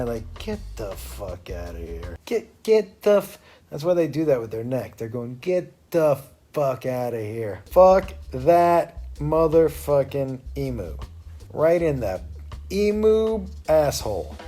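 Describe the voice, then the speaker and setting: A man's voice: a little high, a little mellow. A man hosting a comedy show, telling a crude, rambling story and laughing often. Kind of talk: loose stand-up storytelling.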